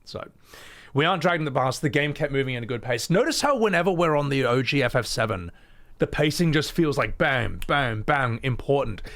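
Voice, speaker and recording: A man's voice: mid-range voice, expressive, a little fast, a bit bright. A man giving casual, playful reaction commentary on a livestream, often laughing and swearing. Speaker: streamer.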